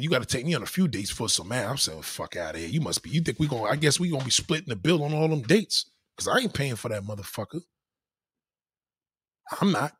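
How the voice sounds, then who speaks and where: A man with a husky, slightly rough voice rants his opinions bluntly and profanely, his pitch swinging widely as he hammers his points home. The sound is close and dry, with almost no room around it. He is loose and casual, slipping into other people's voices to mock them. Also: no echo. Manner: acts out quoted people in varied voices.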